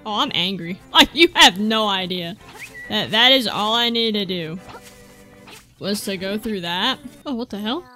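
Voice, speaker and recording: A woman gaming on a channel, her voice bright and sharp, swinging widely up and down as she grumbles and swears at the characters on screen. Faint music plays underneath. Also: mid-range voice, lively intonation, moderate pace. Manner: exasperated, profane, talks back at game characters. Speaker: let's play gamer. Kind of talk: gameplay commentary.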